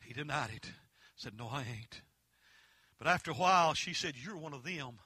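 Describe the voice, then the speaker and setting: A man with a Southern Appalachian accent preaching a holiness sermon, telling folksy stories that swell into impassioned shouts. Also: a little high, expressive, normal speed, breathy edge, dry recording, studio quality.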